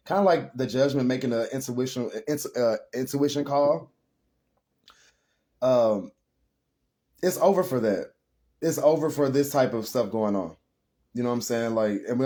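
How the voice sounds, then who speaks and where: Speaking to "y'all" in a mellow, medium-pitched voice, this man offers an informal spiritual tarot reading. His delivery is heartfelt, emotional and meandering.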